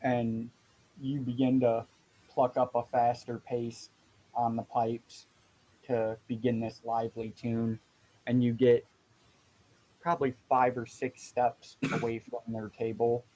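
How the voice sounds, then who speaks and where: A man running a tabletop game as dungeon master. He narrates slowly, his voice staying level and even. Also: mid-range voice, poor audio.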